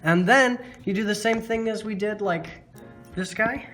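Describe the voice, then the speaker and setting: A man's voice: high voice, a little slow, fairly bright tone, faint music behind. Man for a chatty art tutorial, self-deprecating, loose and rambling, fillers throughout. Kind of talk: casual drawing tutorial.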